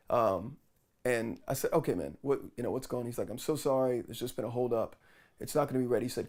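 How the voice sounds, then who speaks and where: A man vlogging, casually retelling a frustrating story with lots of quoted back-and-forth. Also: medium pitch. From New York. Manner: animated retelling with quoted dialogue.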